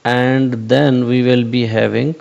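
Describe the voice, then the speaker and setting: In a lo-fi recording, a man with a medium-pitched, creaky, darkish voice speaks slowly and evenly. He hosts an AI explainer channel, working unscripted at a whiteboard, and hesitates a lot, restarting, using fillers, and repeating "okay."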